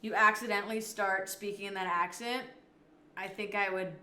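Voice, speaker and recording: A woman streams live and chats easily with her viewers, answering their messages as they come in. Her voice is bright and forward, and it bounces around an echoey room with a light hiss of background noise. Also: medium pitch, steady tone, normal speed. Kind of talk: casual live-stream chat.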